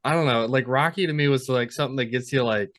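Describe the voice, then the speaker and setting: A man's voice: medium pitch, fast talker, a bit bright. A man co-hosting a casual movie podcast, chatty and filling his talk with "like". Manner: chatty, full of 'like' fillers. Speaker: podcast co-host. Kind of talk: casual chat about movies.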